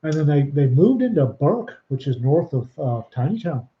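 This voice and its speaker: A man's voice: fairly high pitch, very animated, moderate pace. An older man co-hosting a casual chat show, telling stories and putting on voices for the people he quotes. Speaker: podcast co-host. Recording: muffled lo-fi sound.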